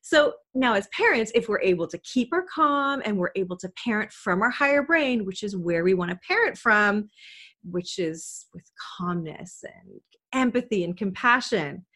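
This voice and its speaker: A woman's voice: mid-range voice, expressive, moderate pace, bright, forceful tone. Earnest woman coaching parents. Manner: earnest and coaching, asks the listener questions. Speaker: parenting educator. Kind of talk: direct-to-camera parenting talk.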